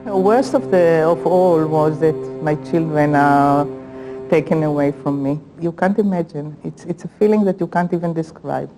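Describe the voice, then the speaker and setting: A woman, a former hostage, speaking haltingly and with emotion in an interview. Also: low-pitched, music in the background, low-quality recording. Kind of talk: interview recollection.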